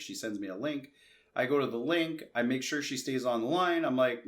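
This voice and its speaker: A man's voice: medium pitch, moderate pace. Chatty man telling a rambling story. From Canada. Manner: chatty, re-enacts conversations in quoted asides, frequent restarts. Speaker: tech vlogger.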